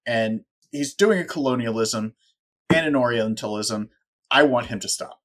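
A man's voice: medium pitch, moderate pace. A man co-hosting a casual talk show, making wry, sarcastic asides. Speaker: podcast co-host. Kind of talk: casual chat.

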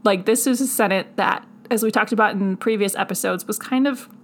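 A woman hosting a history podcast, animated and quick to laugh, reading old quotes aloud with sassy asides. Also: mid-range voice, a little hiss or hum. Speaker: podcast host. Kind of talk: casual history podcast commentary.

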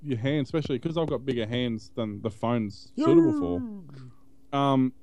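A man's voice: mid-range voice, sing-song, normal speed, mellow. A man co-hosting a tech podcast, chatting casually in a rambling way. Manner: rambling, many fillers and restarts. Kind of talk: casual chat.

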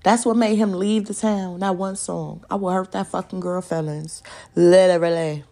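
A woman's voice: mid-range voice, fairly even intonation, normal speed, vocal fry, a little mellow. A young adult woman hosting a solo podcast, ranting in a profane, confrontational way and repeating lines for emphasis. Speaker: podcast host.

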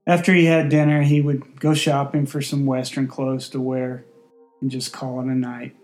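A man reads a story aloud in a steady, deadpan manner. His voice is mellow and dark-toned, with faint music behind him. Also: medium pitch, moderate pace. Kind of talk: storybook narration.

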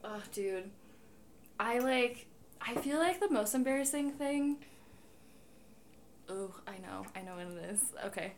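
A young woman with a mid-pitched voice chats on a podcast. She is teasing and easygoing, with lots of casual fillers. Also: animated, unhurried, pauses often, a little hiss or hum. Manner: chatty, teasing, filler-heavy. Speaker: podcast co-host. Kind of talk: casual chat.

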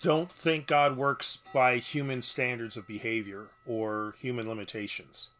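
A man's voice: mid-range voice, fairly even intonation, a little slow, a bit bright. A man explaining scripture in a casual bible study, knowledgeable and explanatory. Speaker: bible teacher.

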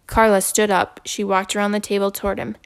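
A woman calmly reading a children's novel aloud. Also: mid-range voice, fairly quick, vocal fry, smooth. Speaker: audiobook reader.

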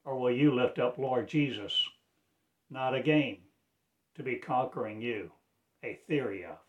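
A man's voice: medium pitch, a little slow, muffled recording, a little hiss or hum. A man from Arkansas giving a rambling religious address as a self-styled preacher, pleading in loose, strung-together phrases. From Arkansas, USA.

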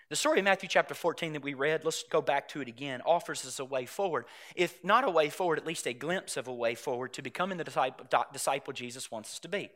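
A man preaching a sermon, animated, often asking the congregation questions and rising to loud, emphatic stretches. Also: a little high, quick pace, few pauses. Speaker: pastor.

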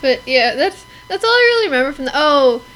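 A woman's voice: high-pitched, big pitch swings, fairly quick, fairly bright tone, a little hiss or hum, rough recording. A young woman co-hosting a podcast, gushing and giggling as she chats. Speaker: podcast co-host. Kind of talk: casual chat.

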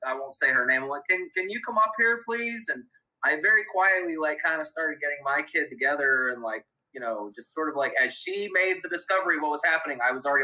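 A man's voice: medium pitch, bright, forceful tone, highs cut off. A man telling a funny story as a podcast guest, laughing often and talking with many fillers. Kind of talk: casual storytelling.

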